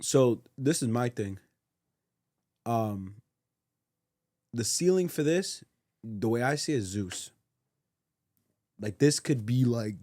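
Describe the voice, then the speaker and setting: A man's voice: on the low side, darkish tone, no echo. A man on a podcast, giving blunt, emphatic opinions in casual slang. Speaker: podcast co-host.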